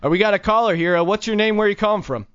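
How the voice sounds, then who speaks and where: A man's voice: sits high, very fast, fairly bright tone, clean tone. A young man hosting a casual talk show, telling stories and laughing often. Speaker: host. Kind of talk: casual chat. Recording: dull lo-fi sound.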